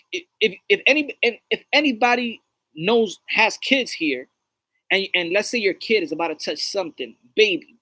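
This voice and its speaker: Bright high voice guy, preachy rambling podcast chat, dry sound. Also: slightly rough, no room sound, rough recording. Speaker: podcast co-host. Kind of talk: casual chat.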